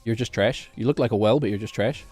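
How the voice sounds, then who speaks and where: A man's voice: fairly low pitch, fast, a little mellow, soft background music. A man streaming a game, rambling and joking to himself as he plays. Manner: rambling, jokey, talks to himself while playing. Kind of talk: casual gameplay commentary.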